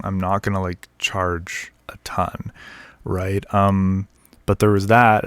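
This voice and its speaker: A man's voice: low-pitched, dry recording. A man who is a vocalist, talking casually and bluntly to camera, swearing freely and counting out rhythms as he explains. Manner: candid and blunt, frequent swearing and fillers; taps out rhythms while explaining.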